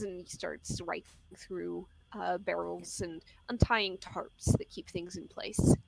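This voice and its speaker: A woman's voice: on the low side, slow, vocal fry, hardly any pauses, slight background noise, rough recording. A woman running a tabletop game as game master, narrating scenes and voicing townsfolk. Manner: lively, voices townsfolk.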